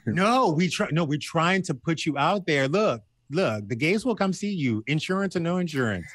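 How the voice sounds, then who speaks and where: A man from the American South, a guest on a casual podcast, telling stories in a sassy, blunt, animated way. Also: moderate pace, dry recording. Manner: animated storyteller who acts out quotes in a high voice. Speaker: guest, TV host.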